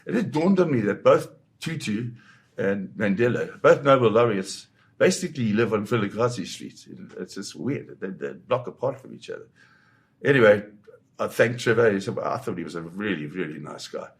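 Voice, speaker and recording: Low-voiced older man telling a gripping tale. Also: expressive. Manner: vivid, halting retelling with many restarts. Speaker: guest, war photographer. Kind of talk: dramatic storytelling in an interview.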